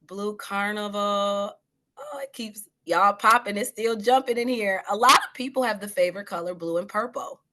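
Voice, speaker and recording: A woman's voice: mid-range voice, normal speed, pushed and bright. A woman leading an online training session over a video call, affirming each participant and calling out encouragement. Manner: effusive, affirming, calls out encouragement. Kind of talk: energetic workshop facilitation.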